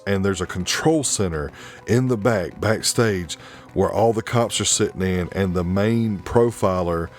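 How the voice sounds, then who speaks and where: Low-voiced, swearing male movie podcaster. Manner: profane, animated and exasperated. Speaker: podcast host. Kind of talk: casual movie review.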